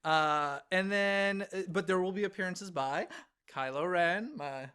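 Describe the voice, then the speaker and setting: Guy cohosting a podcast, kinda high voice, chatty and excitable, laughs a lot. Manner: chatty and excitable, laughs often, quick asides. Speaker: podcast co-host. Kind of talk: casual chat.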